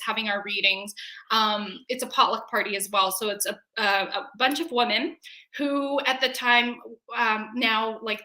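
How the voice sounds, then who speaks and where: A woman in her forties telling a personal story in a casual, animated way, acting out her own scared reactions. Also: a little high, reverberant. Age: 40s. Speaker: webinar guest.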